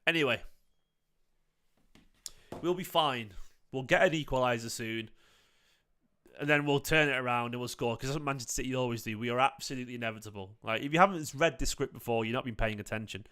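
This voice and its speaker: A man's voice: mid-range voice, brisk, pauses often, sharp tone. A young man hosts a live football watchalong, chatty and prone to laughing fits. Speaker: football fan channel host. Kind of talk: live match watchalong commentary.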